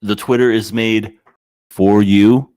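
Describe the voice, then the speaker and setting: A man co-hosting a podcast in casual chat, pushing back on the others with wry, deadpan remarks. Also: fairly low pitch, slow, clean tone. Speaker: podcast co-host.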